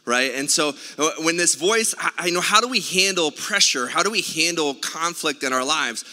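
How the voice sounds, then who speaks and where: A man's voice: a little high, animated, normal speed, sharp tone. A man preaching a sermon as pastor, telling a story in a conversational way with many filler sounds. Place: church sanctuary. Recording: reverberant church hall.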